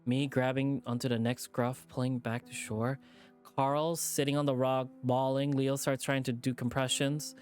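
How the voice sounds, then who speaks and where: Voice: mid-range voice, little pitch movement, moderate pace, darkish tone, soft background music. Stressed-out streamer reading a visual novel. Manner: rattled, repeating itself, swearing under its breath. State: stressed, shaken. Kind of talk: reading a game aloud with character voices.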